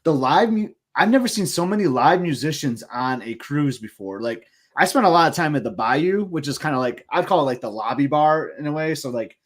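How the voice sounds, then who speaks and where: A man co-hosting a podcast, talking in an enthusiastic, rambling casual chat. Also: mid-range voice. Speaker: podcast co-host.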